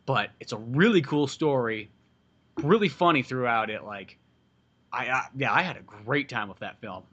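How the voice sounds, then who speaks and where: A man's voice: medium pitch, lively intonation, moderate pace, a bit bright, lo-fi sound. A man hosting a podcast, making his case in an emphatic, profane, casual way. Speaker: podcast host. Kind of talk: casual chat.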